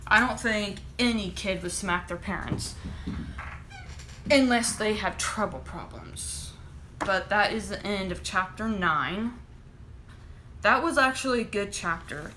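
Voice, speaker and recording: Woman author, mid pitch, brisk reading and chatty asides, faint background noise. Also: pushed and bright. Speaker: author reading her own novel. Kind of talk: live reading and casual chat.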